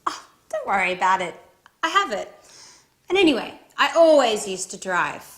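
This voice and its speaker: A woman's voice: mid-range voice, big pitch swings, moderate pace, a bit bright. An actress playing Alice, a young woman in love, in scripted dialogue for English learners. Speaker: actress in a teaching drama.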